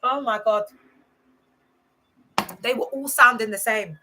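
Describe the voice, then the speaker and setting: A young woman vlogger with a fairly high voice talks slowly over a noisy background. She chats casually about cults on a livestream, sassy and slangy, laughing often.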